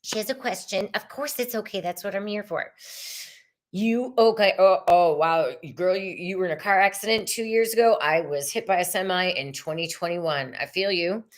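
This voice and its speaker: A woman's voice: mid-range voice, normal speed. A middle-aged woman, hosting a live tarot reading, effusive and chatty, swearing casually and calling viewers y'all and sister.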